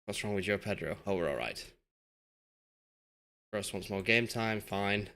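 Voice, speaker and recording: A man's voice: lowish voice, a little slow, bright, forceful tone. A young man from Yorkshire chatting casually while live-streaming a football management game and reading chat aloud. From Yorkshire, England.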